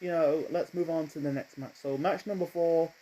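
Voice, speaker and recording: A man's voice: fairly high pitch, fairly even intonation, mellow, rough recording. Rambling man reviewing old wrestling shows. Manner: rambling, self-correcting, blunt; talks fast at times. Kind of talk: casual rambling review monologue.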